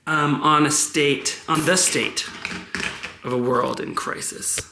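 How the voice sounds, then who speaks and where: A man in his twenties rambling through a profane, animated vlog monologue. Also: a little high, takes it slowly, gravelly, a little hiss or hum. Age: 20s. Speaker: vlogger. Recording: roomy, echoey room.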